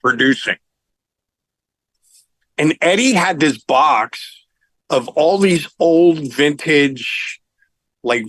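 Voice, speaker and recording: A middle-aged man with a medium-pitched voice tells rock-and-roll stories in a relaxed interview. He is animated and chuckles as he goes. The sound is close and dry, with no room around it. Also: no room sound, low-quality recording. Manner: animated, laughs while telling anecdotes. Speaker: rock singer, guest. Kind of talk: casual storytelling interview.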